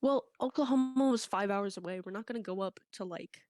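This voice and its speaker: A woman's voice: mid-range voice, a little fast, no room sound, studio quality. A woman telling a funny story in casual chat, acting out the people in it. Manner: animated anecdote telling with quoted voices. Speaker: co-host.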